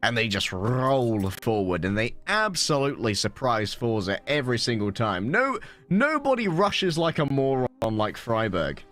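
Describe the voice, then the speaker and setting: A man casting a live esports match, jokey and excitable, dropping low for quiet moments and rising high on big plays. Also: measured pace, few pauses. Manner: excitable, jokey, swings from low murmurs to high hype calls. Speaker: esports caster. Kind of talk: live esports play-by-play commentary.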